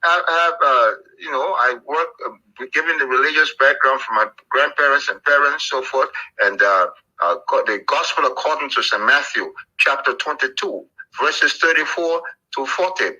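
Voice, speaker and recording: An older man with a Liberian accent, telling animated, jokey stories as an interview guest, with plenty of fillers. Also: mid-range voice, moderate pace, few pauses, rough recording. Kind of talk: storytelling interview.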